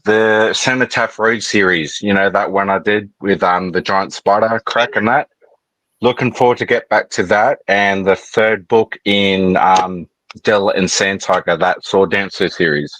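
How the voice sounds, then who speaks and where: Man from australia, guest, low voice, easygoing, lots of ums, dry close sound. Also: fairly even intonation, a little slow, a bit bright, no echo, poor audio. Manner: easygoing, many fillers. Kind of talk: casual chat.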